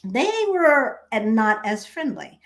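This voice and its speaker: A middle-aged woman hosts a relaxed live stream and talks to her viewers in an easy, chatty way. She laughs often, greets people by name and tells stories at a conversational pace. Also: on the high side, slow pace. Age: 50s. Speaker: vlogger reading live chat. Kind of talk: casual live-stream chat.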